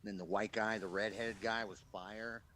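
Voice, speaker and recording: A man's voice: on the low side, fairly even intonation, moderate pace, a bit bright, a little hiss or hum, low-quality recording. A man chatting casually over a game, rambling with lots of fillers and frequent laughs. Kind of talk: casual chat while gaming.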